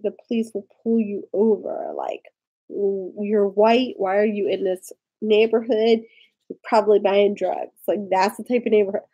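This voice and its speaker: A woman's voice: medium pitch, gravelly, mellow, slightly rough, lo-fi sound. A woman vlogger, drunk and rambling through a story, full of "like". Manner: rambling, lots of "like". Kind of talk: tipsy casual storytelling.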